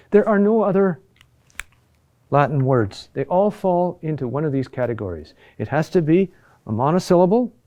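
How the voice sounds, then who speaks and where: A male teacher lectures in a slow, unhurried way, often repeating words. His voice sits a little high for a man but sounds dark and mellow. He keeps checking in with a quick "huh?" as he explains. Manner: repeats key words for emphasis. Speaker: chant teacher. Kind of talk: classroom lecture.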